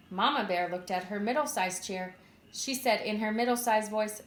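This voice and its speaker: In an echoey room, a woman who teaches preschool reads a story aloud, asking the children questions in a clear, expressive way. She has a medium pitch and a moderate pace.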